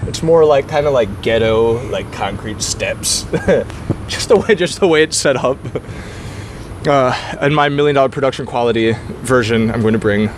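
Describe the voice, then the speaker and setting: A male podcast host talks in a loose, rambling way, cursing and laughing as he goes. His voice sits at an ordinary middle pitch. Clear traffic noise runs behind him outdoors. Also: normal speed. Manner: rambling, swears freely, laughs often. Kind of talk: casual interview chat. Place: outdoors on concrete steps in a park.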